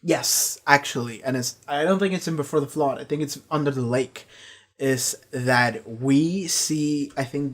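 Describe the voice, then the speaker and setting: A man giving a casual, rambling review of a TV season, swearing freely and retelling scenes with quick quoted lines. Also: mid-range voice. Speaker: show reviewer.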